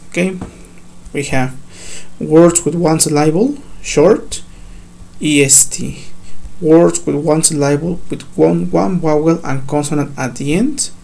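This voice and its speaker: A man whose first language is Spanish, teaching an English grammar lesson slowly, step by step, with fillers. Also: on the high side, creaky, darkish tone. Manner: slow, step-by-step explaining with fillers.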